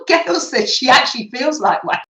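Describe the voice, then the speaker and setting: A woman's voice: high-pitched, very animated, a little slow, fairly bright tone. A woman from England hosting a craft livestream, chatting casually with viewers while she sews and laughing often. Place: home room. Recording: echoey room.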